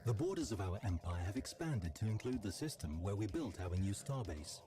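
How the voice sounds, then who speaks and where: A formal space empire advisor, low voice, really lively up and down, measured briefing, game music behind. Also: male voice. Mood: instructive. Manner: measured, informative briefing delivery. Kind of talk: video game voice-over.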